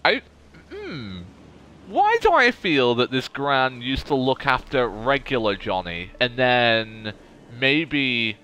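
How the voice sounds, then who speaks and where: A man giving animated, chatty let's play commentary as he plays. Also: medium pitch, clear, resonant tone. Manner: animated, chatty, self-deprecating. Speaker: gaming video host.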